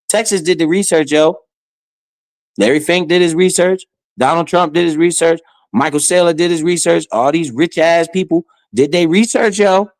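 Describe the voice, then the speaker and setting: Guy ranting on stream, aave, heckles a lot, kinda high voice, dry close mic. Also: normal speed, no echo. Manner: animated, heckling, swears and laughs often. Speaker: finance streamer. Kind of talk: casual commentary over a played clip.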